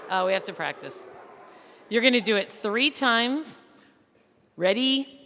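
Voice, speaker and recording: A woman's voice: on the high side, animated, measured pace, background noise. A woman teacher leading an audience through a call-and-response poem, coaxing them to make animal sounds. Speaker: teacher leading a school poetry event. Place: school hall or gym, indoors. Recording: echoey hall, faint room ambience.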